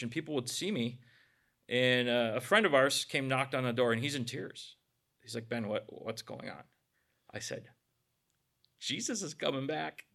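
A man's voice: mid-range voice, pushed and bright. A middle-aged man preaching a sermon as pastor, conversational, with casual asides between scripture readings.

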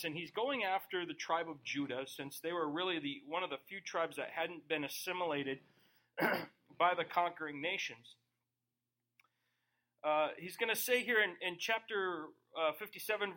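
A man's voice: high voice, sharp tone. A male pastor teaching verse by verse in a conversational way, acting out quoted voices.

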